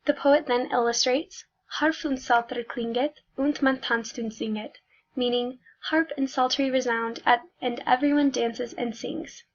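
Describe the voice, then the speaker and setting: A woman reading a prepared music analysis aloud, careful and measured, with small slips. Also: high voice. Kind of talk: read academic music analysis. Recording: dull lo-fi recording.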